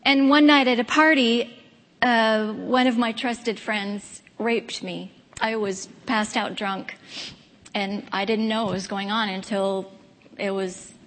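A woman's voice: medium pitch, a little hiss or hum. A woman in her fifties gives a candid, earnest personal testimony speech with wry asides. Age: 50s. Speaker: speaker giving a personal testimony. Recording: long hall reverb.

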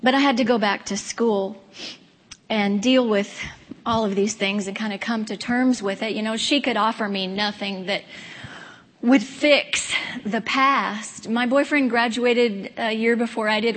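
A woman in her fifties, with a medium-pitched and slightly bright voice, gives a candid, earnest personal testimony sprinkled with wry asides. The recording carries a long hall reverb.

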